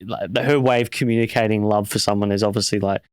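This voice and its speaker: A man with a low, smooth voice hosts a relaxed interview. He muses aloud in a reflective, halting way, and the sound is close and dry. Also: no room sound. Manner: reflective, hesitant, many fillers and restarts. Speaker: podcast host. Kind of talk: casual interview chat.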